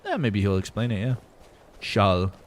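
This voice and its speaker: A man's voice: fairly low pitch, very animated, a little slow, slight background noise. A young man streaming a game, chatting loosely with viewers, swearing casually and laughing often. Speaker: gaming streamer. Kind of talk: live-stream gameplay chat, reading viewer messages.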